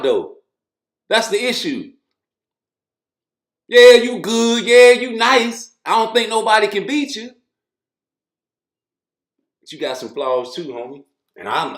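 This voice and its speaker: High-voiced man ranting, roomy echo. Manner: profane, blunt, mocking. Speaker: boxing commentator. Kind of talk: ranting commentary.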